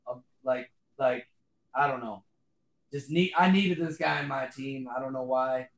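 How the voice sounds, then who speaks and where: A man's voice: medium pitch, measured pace, echoey room, rough recording. A man co-hosting a casual podcast, rambling with lots of fillers and swearing. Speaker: podcast co-host. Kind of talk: casual chat.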